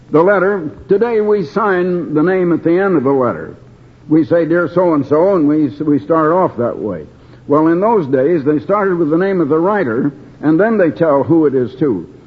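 Older guy preaching slow bible study, kinda husky, tinny old radio sound. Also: fairly high pitch. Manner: slow, deliberate, with frequent pauses and restarts. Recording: tinny phone-like radio broadcast.

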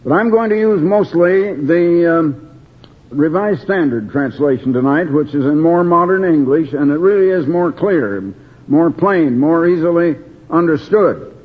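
Older guy preaching slow bible study, kinda husky, tinny old radio sound. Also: on the high side, lively intonation. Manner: slow, deliberate, with frequent pauses and restarts. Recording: tinny phone-like radio broadcast.

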